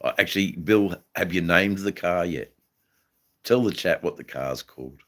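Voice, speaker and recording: An Australian man hosting a livestream, chatting casually with viewers in a halting way, full of ums and repeated phrases. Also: deep voice, fairly bright tone. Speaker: livestream host reading chat. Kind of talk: casual live-stream chat.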